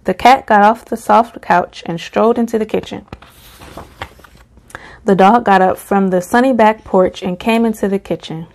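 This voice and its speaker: A woman reading a children's picture book aloud at a slow, gentle pace. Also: medium pitch, steady tone. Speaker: storybook reader.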